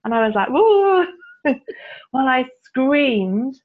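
A woman's voice: high-pitched, takes it slowly. Laughing woman on a tinny line. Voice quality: laughs often, animated storytelling. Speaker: guest coach. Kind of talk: conversational interview, guided clearing statements.

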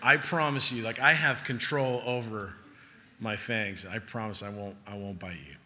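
Man doing a sly coaxing rattlesnake, hushed and low, bright tone, long hall reverb. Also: steady tone, moderate pace. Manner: coaxing, wheedling promises. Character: sly pleading male talking rattlesnake.

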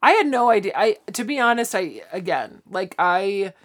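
A female podcast co-host recaps a sitcom in relaxed conversation, bringing it to life by acting out what the characters say. She speaks at a moderate pace in a mid-range voice.

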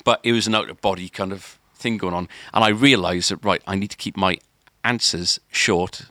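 Low-pitched and sharp, this man speaks at a moderate pace while telling a lengthy story on a podcast where he co-hosts. He rambles, fills gaps, and restarts often, and the recording is dry, clean studio sound.

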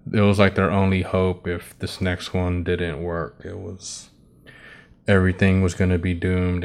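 A man hosting a casual commentary show, reading an article aloud, tripping over names, swearing and laughing at his own asides. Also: low voice. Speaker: host.

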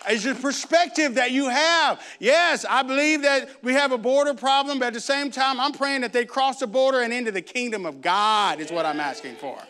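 A man's voice: very high-pitched, normal speed, hardly any pauses, sharp tone. A male pastor preaching a fervent sermon, repeating himself and calling for amens from the congregation. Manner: fervent, repetitive call-and-response preaching. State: raises his voice at times.

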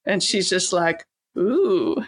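A woman's voice: medium pitch, steady tone, normal speed, sharp tone. A woman from California, an author and podcast guest, chatting casually and laughing often, with many fillers and restarts. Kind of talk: casual interview chat.

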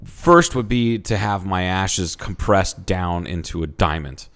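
A man's voice: sits low, unhurried, a bit bright. A young man co-hosting a podcast, joking crudely and swearing in casual chat. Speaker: podcast co-host.

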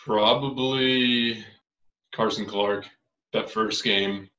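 A young man telling stories as a guest in a casual chat, in a relaxed way, saying "like" a lot. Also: lowish voice, drawn-out words. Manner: relaxed, lots of "like". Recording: echoey room, dull lo-fi sound.

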